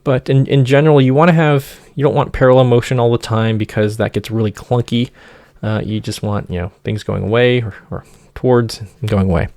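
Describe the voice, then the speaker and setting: A man giving an informal music theory lecture, singing motifs in nonsense syllables and pausing often with fillers. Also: medium pitch, fairly even intonation, a little mellow, no room sound.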